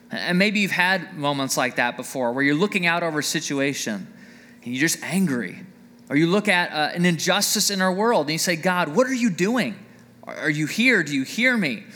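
Man, pastor, conversational sermon, bright tone. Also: a little high. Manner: conversational, animated scripture reading.

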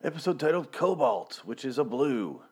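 A man's voice: mid-range voice, very animated, moderate pace, a little mellow, husky. A man in his thirties hosting a solo review show into a studio mic, rambling and irreverent, with frequent swearing. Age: 30s. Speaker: podcast host reviewing a TV show. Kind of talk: casual, profane solo commentary. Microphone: studio mic with pop filter.

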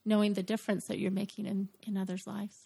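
A woman co-host speaking softly and tearfully to her guest. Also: medium pitch, flat delivery, fast talker, vocal fry, breathy edge. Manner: tearful, soft-spoken.

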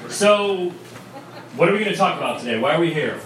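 A man's voice: on the high side, animated, a little fast. A man, a priest, giving a chatty, story-filled talk to a crowd in a pub. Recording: echoey pub, distant mic, noise.

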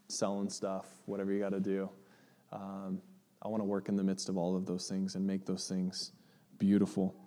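A man's voice: mid-range voice, dark tone. A man preaching a conversational sermon to his congregation, with frequent ums and likes and questions to the room. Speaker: pastor. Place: church sanctuary.

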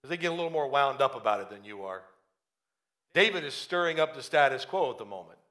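A male preacher telling a Bible story in an animated sermon, often acting out its characters. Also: medium pitch, fast talker.

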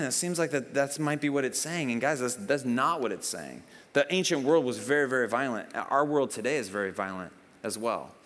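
A man preaching a casual, conversational sermon to his church, telling stories and acting out bits of dialogue. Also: medium pitch. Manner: conversational, animated storytelling with acted-out dialogue. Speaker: pastor. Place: church hall. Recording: long hall reverb.

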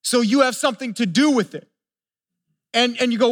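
A pastor gives a sermon fairly quickly in a very high-pitched voice. Earnest in manner, he keeps throwing rhetorical questions at his listeners and stumbles over repeated words while building each point.

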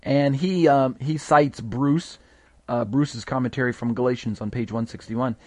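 A man's voice: medium pitch, moderate pace, darkish tone, no room sound. A man teaching a live Bible study in an explanatory way, with frequent fillers and restarts.

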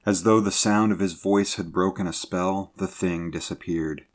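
A man reading a sea adventure story aloud in a measured, low-key narrating manner. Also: steady tone.

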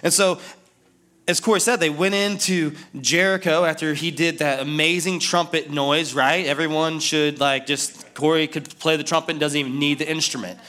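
A man's voice: a little high, fairly even intonation, moderate pace, pushed and bright. A male pastor preaching a sermon in a casual, conversational way, with frequent fillers.

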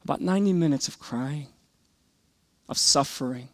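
A man's voice: mid-range voice, moderate pace, dry recording. A middle-aged man tells a personal story from the pulpit, earnest and emotional. His voice sits in an ordinary middle register. The sound is close and dry, with no room around it. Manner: earnest, emotional storytelling that swings from loud to hushed. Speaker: pastor. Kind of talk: sermon testimony.

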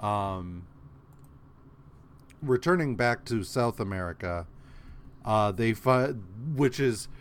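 Slow, halting man recapping comics. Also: on the low side, expressive, smooth. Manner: halting, many fillers and restarts. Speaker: podcast co-host. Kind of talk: casual chat recapping comics.

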